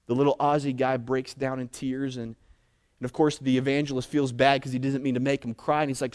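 A young man preaching a sermon, telling an illustration story, swinging between loud emphatic bursts and hushed lines and often repeating words as he builds up. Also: mid-range voice, level tone, brisk, clean tone. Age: young adult.

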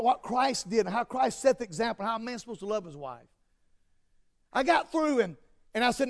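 A pastor delivers a Father's Day style sermon in a strikingly high voice with a gravelly edge. He moves from low, hushed asides to fervent shouting, pressing each point with repetition. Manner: swings from quiet asides to shouted exhortation.

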